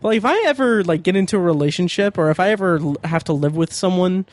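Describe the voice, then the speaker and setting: A man's voice: sits high, fast talker. A man co-hosting a podcast, chatting casually, rambling and joking with lots of fillers and restarts. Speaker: podcast co-host.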